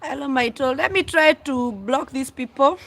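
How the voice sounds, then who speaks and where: A Kenyan woman hosting a casual live stream, talking loudly and exclaiming as she answers her viewers. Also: high-pitched, moderate pace, vocal fry, slight background noise, rough recording. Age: adult, mother of school-age children. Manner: loud, exclaiming, calls herself a screamer.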